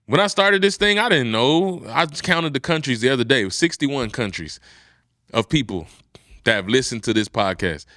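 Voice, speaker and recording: Fired-up motivational man, bright and intense. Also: animated, moderate pace, no room sound, clean studio sound. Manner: preachy, swings from low and quiet to loud and high. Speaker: podcast host. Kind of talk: motivational podcast talk.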